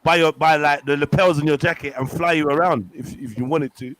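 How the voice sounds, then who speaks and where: A man hosting a livestream, talking in animated, slang-heavy banter with friends. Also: a little high, brisk, dry recording. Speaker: livestream host. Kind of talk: casual group chat.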